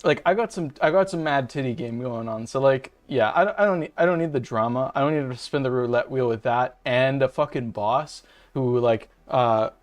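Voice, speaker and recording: Here the channel's host, a young streamer who identifies as a femboy, chats and rants with viewers at a moderate pace, barely pausing, his voice sitting at medium pitch. He curses, wanders off topic, and vents, recorded at home on a webcam and desk mic.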